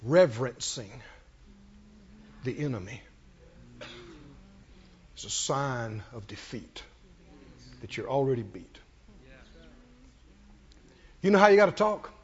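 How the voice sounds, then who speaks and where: A man preaching a sermon, swinging dramatically from shouts to hushed tones. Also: medium pitch, expressive, slow pace, pauses often, highs cut off, slight background noise.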